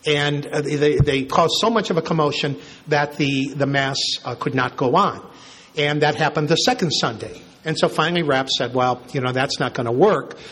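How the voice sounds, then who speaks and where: Husky older priest telling stories. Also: male voice, a little high, normal speed, a bit bright. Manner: conversational, anecdotal, with chuckles. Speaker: priest and church historian. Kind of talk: informal history talk.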